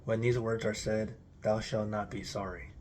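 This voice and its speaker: A man's voice: on the low side, steady tone, moderate pace, darkish tone, slight background noise. A man giving a solemn, declamatory recitation of an archaic religious text in an intoned delivery. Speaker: reader.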